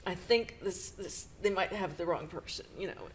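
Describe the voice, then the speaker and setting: A middle-aged woman co-hosting a podcast, retelling a painful personal story in a halting, emotional way with nervous laughs. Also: lowish voice. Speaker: podcast co-host.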